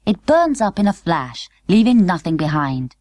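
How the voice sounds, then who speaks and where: A woman's voice: lowish voice, big pitch swings, moderate pace, a little mellow, no echo, clean studio sound. A woman voicing a father who explains things in a matter-of-fact way. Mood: explaining. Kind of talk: audiobook character voice.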